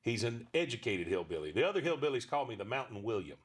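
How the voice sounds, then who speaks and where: Man, fifties, ventriloquist guest, middle pitch, rambling, joking, casual. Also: very animated, fast talker, breathy edge. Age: 50s. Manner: rambling storyteller, frequent restarts, joking. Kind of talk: casual interview talk.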